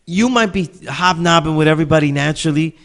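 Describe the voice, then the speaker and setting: A man's voice: fairly high pitch, quick pace. Laid-back rambling male podcast host. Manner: relaxed, rambling, frequent "you know what I mean". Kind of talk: casual interview chat.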